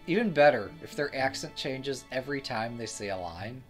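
Man, streamer, casual game commentary, joking, lively pitch. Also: moderate pace, faint music behind. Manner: joking, chatty. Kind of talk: casual let's-play commentary.

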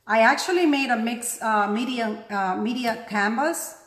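A woman's voice: a little high, unhurried, echoey room. Chatty woman with a non-native accent. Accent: non-native English accent. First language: not English. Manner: chatty, self-deprecating, talks while working. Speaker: craft tutorial host. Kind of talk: casual painting tutorial.

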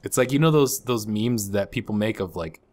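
A man with a lowish voice riffs through a relaxed gameplay commentary. He jokes constantly and laughs easily at what he sees on screen. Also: normal speed. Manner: joking, laughs often. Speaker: co-host.

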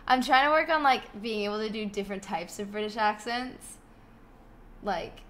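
A woman's voice: mid-range voice, moderate pace, a bit bright, slight background noise. A woman chatting casually on a live gaming stream, giggly and scattered, often breaking into laughs.

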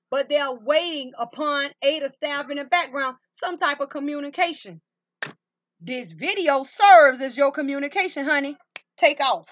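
A woman's voice: high-pitched, fairly bright tone, highs cut off. A woman reading tarot cards for viewers, emphatic and full of rhetorical questions, calling them baby and honey. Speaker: tarot reader. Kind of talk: tarot card reading to camera.

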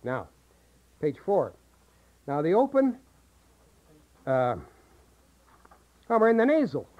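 A man's voice: high voice, very animated, slow pace. A man teaching a voice acting seminar, explaining and demonstrating vocal sounds to a group. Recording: tinny, muffled old seminar tape.

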